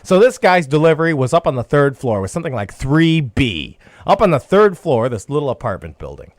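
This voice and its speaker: Animated high-voiced male radio storyteller. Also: brisk, no room sound, studio quality. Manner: animated, chuckling, breaks into loud yelling. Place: radio studio.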